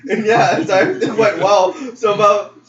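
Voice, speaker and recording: A man's voice: high voice, steady tone, moderate pace, crowd noise. A young man co-hosting a podcast, telling a story casually, acting out quotes and laughing often. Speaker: podcast co-host. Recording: roomy, distant, dull lo-fi mic with faint noise.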